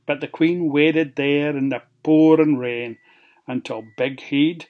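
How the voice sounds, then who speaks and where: A storyteller with a Scots accent, reading a fairy tale aloud with lively expression. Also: medium pitch, narrow, tinny audio. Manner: expressive, lilting, slow.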